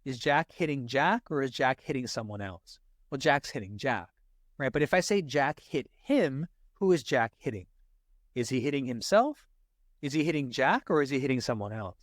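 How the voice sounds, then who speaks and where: A man teaching grammar for a test in a casual lesson, checking in with "right?" after almost every point and slowing down to stress example sentences. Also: mid-range voice, animated, no room sound, clean studio sound. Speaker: SAT tutor.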